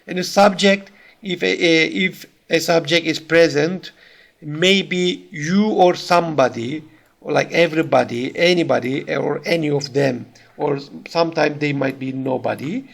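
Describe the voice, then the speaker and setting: A man's voice: fairly high pitch, a little slow, gravelly, a bit bright. A man with a Turkish accent giving a recorded lecture, reading out examples and explaining them step by step with small fillers. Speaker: university lecturer.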